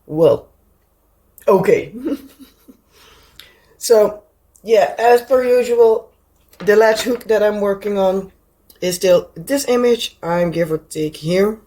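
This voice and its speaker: A crafting channel host with a Dutch accent, hoarse from a cold, leads a casual, rambling craft chat, pausing now and then to find her words. Her voice is mid-range with a dark tone.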